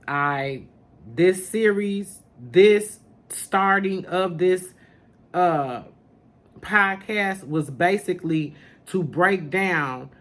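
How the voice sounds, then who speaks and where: A woman hosting a spiritual podcast in casual talk to camera, sassy and familiar, calling listeners honey and baby. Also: lowish voice. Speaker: podcast host, spiritual teacher.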